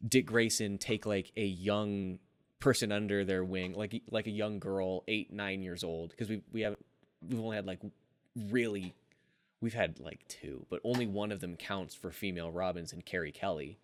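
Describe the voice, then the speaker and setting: A man's voice: low voice, moderate pace. A man hosting a casual podcast chat, rambling through his ideas with lots of "like" and restarts. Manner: rambling, many fillers and restarts. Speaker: podcast host.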